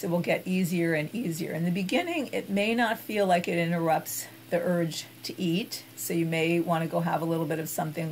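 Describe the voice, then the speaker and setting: A woman giving an instructional talk as an expert on emotional eating, guiding gently and unhurriedly with soft hesitations. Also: fairly low pitch, gravelly, slight background noise, rough recording.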